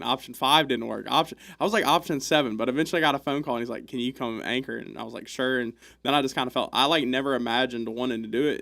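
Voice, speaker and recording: A man's voice: mid-range voice, creaky, a bit bright. A young man who works as a news anchor and reporter, chatting in an easygoing, enthusiastic way. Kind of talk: casual interview chat.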